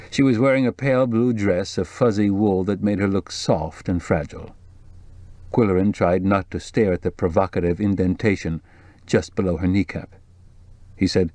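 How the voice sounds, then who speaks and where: A man narrating an audiobook in a measured, even storytelling voice. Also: low voice, no room sound. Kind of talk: scripted narration.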